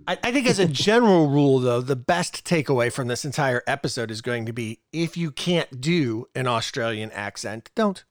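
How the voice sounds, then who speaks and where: Lively-voiced man hosting a podcast. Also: medium pitch, moderate pace, few pauses, no room sound, studio quality. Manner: asks questions, steers the talk. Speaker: podcast host. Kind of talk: casual podcast chat.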